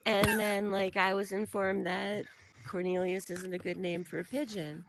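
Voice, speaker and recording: A woman's voice: mid-range voice, level tone, moderate pace, creaky, poor audio. A woman from Vermont with a light Vermont accent, co-hosting a casual podcast and telling rambling, giggly stories. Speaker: co-host.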